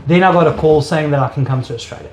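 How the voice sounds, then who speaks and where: A man's voice: on the high side, very fast. Earnest South African man, echoey room. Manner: earnest, emotional storytelling. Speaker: interviewee. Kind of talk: personal faith testimony. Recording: echoey room with faint ambient noise.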